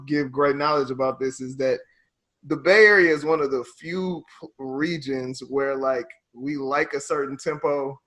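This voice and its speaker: A man hosting a podcast interview, laid-back, chiming in with quick agreement and frequent laughs. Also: fairly high pitch. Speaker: podcast host. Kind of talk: casual interview chat.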